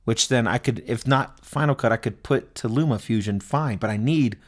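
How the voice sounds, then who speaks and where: A man's voice: mid-range voice, normal speed. A man hosting his own podcast, ranting casually and with exasperation, thinking aloud with many restarts. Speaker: podcast host. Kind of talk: casual solo podcast rant. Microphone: podcast mic recorded into streaming software.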